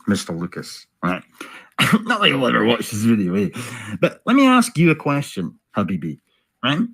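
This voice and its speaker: A man's voice: lowish voice, fairly bright tone, low-quality recording. A man giving sarcastic, profane political commentary over video clips, full of rhetorical questions.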